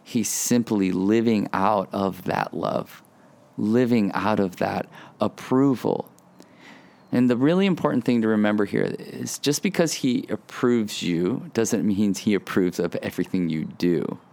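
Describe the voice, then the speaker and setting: A middle-aged man preaching a sermon, animated, acting out childlike boasting in a raised voice. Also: fairly low pitch, measured pace, vocal fry. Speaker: pastor.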